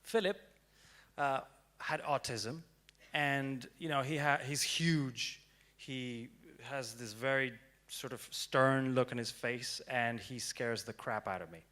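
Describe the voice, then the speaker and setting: A young man giving a prepared storytelling talk on stage, dramatic and swinging from hushed to loud. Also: medium pitch, slow. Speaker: speaker. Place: stage before an audience.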